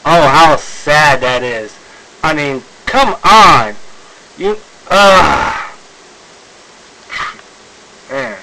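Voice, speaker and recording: A man's voice: on the high side, expressive, extremely slow, creaky, pauses often, a crowd in the background, rough recording. A man ranting in a video commentary, exasperated, sighing, with many fillers and restarts. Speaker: video blogger.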